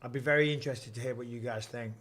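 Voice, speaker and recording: A man's voice: medium pitch, steady tone, fast talker, a bit bright. A man in his forties hosting a casual fight-night livestream, boisterous and jokey, swearing freely. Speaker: livestream host.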